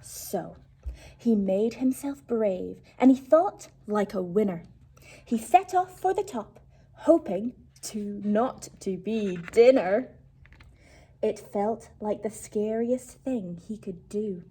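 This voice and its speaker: A woman reading a rhyming picture book aloud to children, slow and expressive, hushing her voice at tense moments. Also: mid-range voice, husky. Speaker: storyteller.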